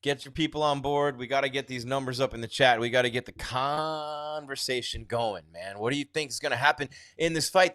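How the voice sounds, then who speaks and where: A man's voice: mid-range voice, fairly quick, few pauses, no echo, clean studio sound. A man hosting a casual live stream, reading viewer comments and chatting about an upcoming fight. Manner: chatty, reads viewer comments aloud, trails off quietly. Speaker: livestream host reading chat.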